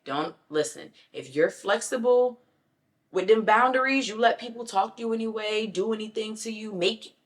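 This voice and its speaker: A woman vlogger giving casual motivational talk, emphatic and conversational, often acting out what other people say. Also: medium pitch. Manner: emphatic, acts out other people's lines in quick voices; conversational with frequent "you know what I'm saying". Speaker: self-improvement vlogger.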